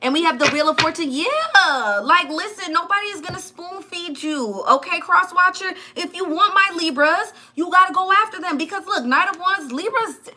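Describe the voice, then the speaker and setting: Woman tarot reader, high and bright-toned, blunt and casual, faint background hiss. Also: animated, moderate pace. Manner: chatty, blunt, laughs at her live chat. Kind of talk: live tarot reading.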